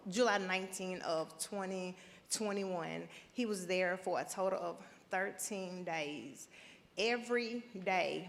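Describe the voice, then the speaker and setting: A middle-aged woman giving personal testimony on a panel, halting and emotional, with long pauses. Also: fairly low pitch, gravelly. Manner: halting, emotional, slow and deliberate. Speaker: panel guest, mother of a prisoner. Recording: reverberant conference hall.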